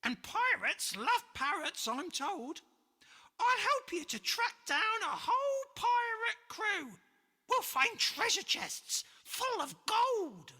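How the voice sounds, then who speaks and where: A storybook reader voicing a loud, bossy pirate parrot with a shrill, squawky voice. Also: sing-song, slow, full character voice. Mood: squawking. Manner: loud cries. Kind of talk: storybook read-aloud. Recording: long reverb, faint music behind.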